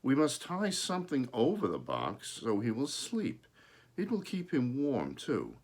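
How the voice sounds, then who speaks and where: A kind, patient mother from a children's storybook, speaking softly and gently with a light chuckle in her words, as a man reads her lines. her voice rises and falls in a lively, singing way. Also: medium pitch, unhurried, pitched above the performer's own voice. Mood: gentle.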